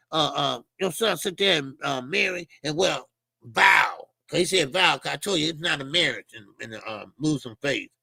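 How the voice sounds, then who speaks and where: A man's voice: high voice, gravelly, sharp tone, breathy edge, no room sound. A middle-aged man hosting a boxing talk channel, ranting casually and profanely, often mimicking people in a mocking voice. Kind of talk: casual commentary monologue.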